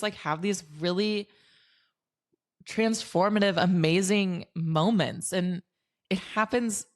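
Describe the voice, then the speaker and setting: A young woman hosts her own podcast and tells a personal story, chatty and excitable. Her voice sits a little low for a woman. She leans on "like" constantly and acts out what she and others said. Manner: excitable, heavy use of "like", animated quoting. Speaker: podcast host. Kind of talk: casual storytelling monologue.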